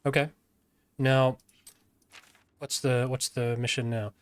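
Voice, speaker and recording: A man's voice: medium pitch, level tone, slow pace, clear, resonant tone, no room sound. A man streaming a fantasy video game, chatting casually and laughing easily as he plays. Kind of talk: casual gameplay commentary.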